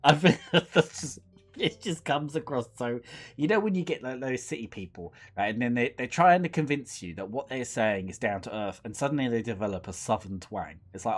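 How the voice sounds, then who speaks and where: A man's voice: medium pitch, big pitch swings, moderate pace, soft background music. A man casually joking through a video game playthrough, sarcastic and swearing freely. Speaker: gamer playing through a visual novel. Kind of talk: casual let's-play commentary.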